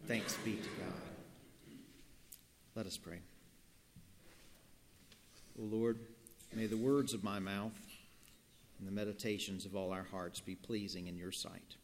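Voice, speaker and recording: Slow, gravelly-voiced male pastor. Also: fairly low pitch, little pitch movement, a little hiss or hum. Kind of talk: sermon with scripture reading and storytelling. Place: church. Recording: long church reverb.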